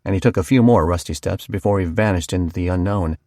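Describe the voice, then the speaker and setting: A man's voice: low-pitched, quick pace, darkish tone, no echo, clean studio sound. A man narrating a first-person horror audiobook in a folksy storytelling manner.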